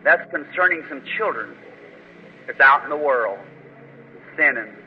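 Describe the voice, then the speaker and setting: A man's voice: fairly high pitch, expressive, a little slow, a little hiss or hum. A man preaching at a faith healing service, praying fervently and commanding with force. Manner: fervent, commanding when rebuking. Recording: muffled old recording in a reverberant hall.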